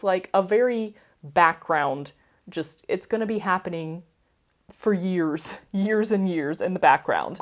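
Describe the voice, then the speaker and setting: Young woman, casual book vlogger, rambling and chatty. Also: fairly low pitch. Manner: chatty, rambling, asks viewers for opinions. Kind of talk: casual chat to camera.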